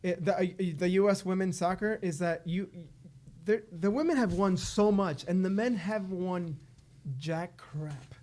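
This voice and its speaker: A man co-hosting a casual soccer podcast, joking and excitable with playful sarcasm. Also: high voice, unhurried. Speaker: podcast co-host. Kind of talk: casual chat.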